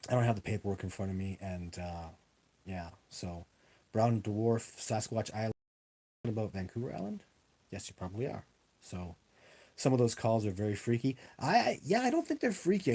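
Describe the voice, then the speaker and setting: A man's voice: on the low side, warm tone. Rambling, emphatic man hosting a livestream. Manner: rambling, emphatic, repeats himself. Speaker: livestream host answering viewer questions. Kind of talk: casual livestream Q&A. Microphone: webcam on a live video stream.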